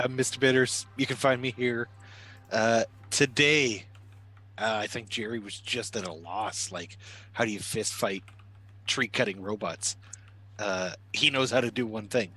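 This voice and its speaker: A man's voice: on the low side, sharp tone. A man player giving his thoughts after the game in a dry, matter-of-fact way. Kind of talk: casual post-game chat.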